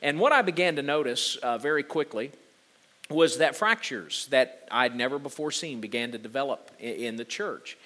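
A pastor in his forties delivers a sermon and shares a personal story earnestly. His medium-pitched voice is expressive with a sharp tone, and he often stops and restarts.

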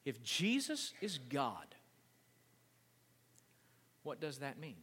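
A man's voice: mid-range voice, extremely slow, big-room sound, a little hiss or hum. A male pastor preaching a sermon, explaining scripture and reading it aloud with growing intensity. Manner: builds from calm teaching to loud impassioned preaching.

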